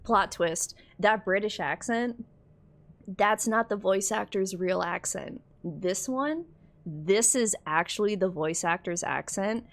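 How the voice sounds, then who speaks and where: A woman's voice: mid-range voice, slow pace. A woman streaming a game, reacting with laughter and swearing as she talks to chat. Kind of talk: casual game commentary.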